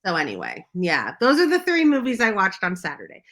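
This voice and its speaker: A woman's voice: mid-range voice, huge pitch swings, a little fast, fairly bright tone. An American woman and film publicist, chatting casually and enthusiastically about movies on a podcast. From United States. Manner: chatty, enthusiastic, lots of fillers.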